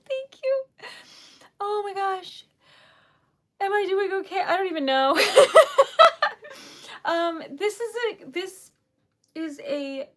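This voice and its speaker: Woman live streamer, high voice, slow unhurried talk, teary and giggly, flustered, breaks off mid-sentence. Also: a bit bright. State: emotional, laughing through tears. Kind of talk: casual live-stream chat.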